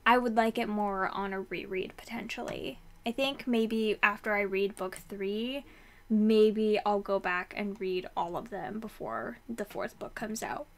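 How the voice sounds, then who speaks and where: A young woman chatting casually about books she read, rambling with fillers and quick restarts. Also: medium pitch. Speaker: book vlogger. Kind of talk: casual book review chat.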